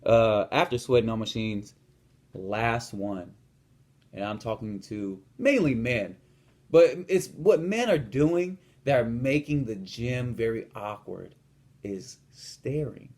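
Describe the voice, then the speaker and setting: A man's voice: mid-range voice, lively intonation, slow, darkish tone. A young man, a fitness coach, ranting about gym manners in a casual vlog and telling a story in a blunt, profane, swaggering way. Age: young adult.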